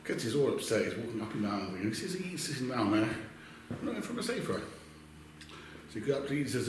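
A man giving a casual Torah class to a small group, telling a story and then going through Jewish law, talking in a halting way with many restarts and Hebrew terms. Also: mid-range voice, very animated, heavy reverb, noisy background.

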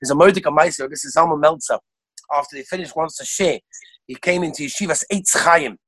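A man teaching a Torah class over a video call, reeling off sources one after another in an animated way. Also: on the high side, breathy edge, no room sound, poor audio. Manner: rapid-fire listing of sources, animated. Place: lives in Israel.

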